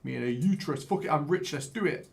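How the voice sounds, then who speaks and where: A man giving casual live-stream commentary while he plays a game, excitable, swearing and chatting with viewers. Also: on the high side, fast talker, gravelly.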